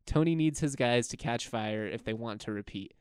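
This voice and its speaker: A young man with a mid-range voice hosts a casual college basketball podcast at normal speed, rambling, chuckling, and correcting himself as he goes. His voice is smooth, and the studio sound is clean with no echo.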